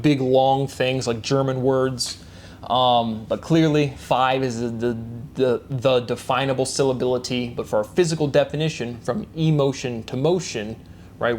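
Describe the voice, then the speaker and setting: A man presents a rambling solo monologue, racing through chanted catchphrases and coined words with repetitive wordplay and frequent restarts. His medium-pitched voice is a little mellow, with a bit of hiss or hum in the audio.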